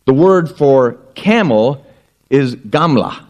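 A middle-aged male pastor preaching a sermon, telling stories in an animated way and acting out the voices. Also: measured pace. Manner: animated storytelling, acting out voices with wide pitch swings.

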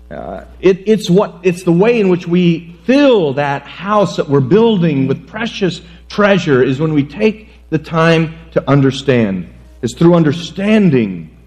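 A man's voice: mid-range voice, darkish tone. A middle-aged man preaching a sermon on marriage in a folksy, joking way, often stumbling and restarting his phrases. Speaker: pastor. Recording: dull lo-fi sound with mains hum.

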